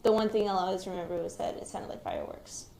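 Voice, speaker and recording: A young woman, an active military member, recounts surviving a shooting in a hesitant, reflective, quiet-spoken way. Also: fairly low pitch, very animated, fast, gravelly. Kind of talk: recounting a personal experience in an interview. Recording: roomy recording with faint background noise.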